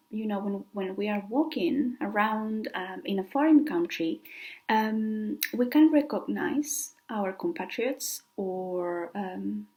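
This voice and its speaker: A woman with a Spanish accent, a native Spanish speaker, teaching an online language lesson in an unhurried, explanatory way with soft breathy stretches. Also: on the high side.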